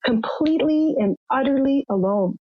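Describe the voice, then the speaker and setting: This high, expressive voice belongs to an older woman from Canada recounting her own life on a podcast at a moderate pace. She's open and emotional, voicing the other characters herself. The sound is lo-fi, muffled and dry.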